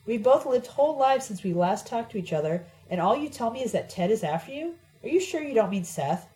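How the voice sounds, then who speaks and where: A woman reading an audiobook gives voice to a sharp-tongued young woman who talks in a mocking, cryptic way. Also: a little high, very animated, a little fast, pitched above the performer's own voice, rough recording. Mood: exasperated. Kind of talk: audiobook character voice.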